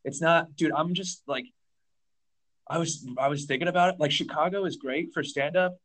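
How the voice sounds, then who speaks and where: A man's voice: fairly high pitch, fairly even intonation, moderate pace, a bit bright. Give me a young male stand-up comedian chatting loosely on a podcast, full of fillers and restarts. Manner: rambling, filler-heavy, says dude a lot. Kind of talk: casual podcast chat.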